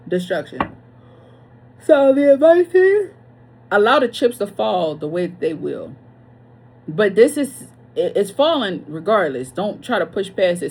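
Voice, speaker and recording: A woman's voice: mid-range voice, very animated, measured pace, darkish tone, breathy edge. A woman giving a casual tarot reading, chatty and blunt, swearing freely and wandering off on tangents. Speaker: tarot reader.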